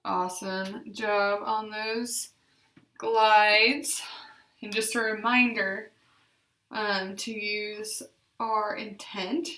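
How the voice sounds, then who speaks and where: A young woman, a speech therapist, leading voice exercises with slow, clear, encouraging instructions and frequent fillers. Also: mid-range voice, fairly even intonation, pushed and bright. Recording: echoey room.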